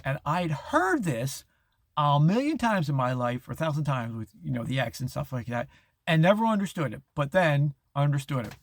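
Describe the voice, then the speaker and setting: Middle-aged male host, casual monologue, meandering delivery with restarts, voice on the high side, dry close sound. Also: big pitch swings, normal speed, no echo. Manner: rambling, with restarts, quoted voices and chuckles.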